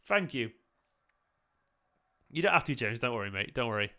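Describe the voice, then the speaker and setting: A man's voice: medium pitch, very animated, normal speed, sharp tone. A man streaming a football watchalong, casually thanking viewers by name and swearing freely between comments on the match, sounding tired and emotional.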